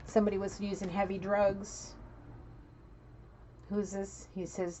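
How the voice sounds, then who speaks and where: A woman giving a casual tarot reading, blunt and profane, scolding and animated as she talks. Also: medium pitch, unhurried, background noise. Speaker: tarot reader.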